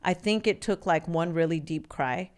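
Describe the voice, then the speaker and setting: A woman's voice: lowish voice, a little mellow. A woman in her forties from California, a podcast guest telling her life story in a candid, earnest way. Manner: earnest and open, with halting restarts.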